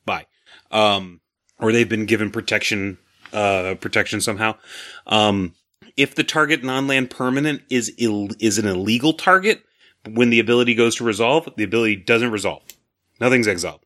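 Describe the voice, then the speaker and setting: A man's voice: lowish voice, normal speed, a bit bright. A man co-hosting a casual podcast, explaining card rules in a rambling, self-correcting way with frequent chuckles. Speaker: podcast co-host.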